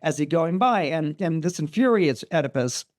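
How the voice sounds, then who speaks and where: Animated man retelling a myth. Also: on the high side, normal speed. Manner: animated, many restarts and asides. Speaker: guest astrologer. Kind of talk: casual podcast storytelling.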